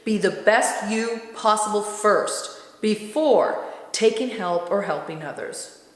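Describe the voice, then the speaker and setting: A woman speaks in a calm, reflective way as she hosts a spiritual talk. Her voice sits in a middle register. The room is very echoey, with a long reverb tail. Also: mid-range voice, takes it slowly. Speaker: host channeling spirit guides. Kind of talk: casual spiritual chat.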